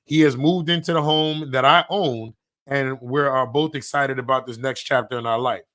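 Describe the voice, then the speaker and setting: A man in his thirties co-hosting a casual podcast, telling animated stories and acting out quotes. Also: medium pitch, normal speed. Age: 30s. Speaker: podcast co-host. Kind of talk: casual chat.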